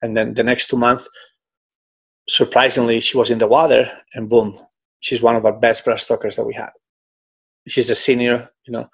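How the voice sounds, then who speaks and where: A middle-aged man, a swim coach, telling stories in a conversational interview, animated and peppering his talk with "you know". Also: mid-range voice, normal speed, vocal fry, long pauses, breathy edge. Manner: animated, frequent "you know", breaks into quoted voices.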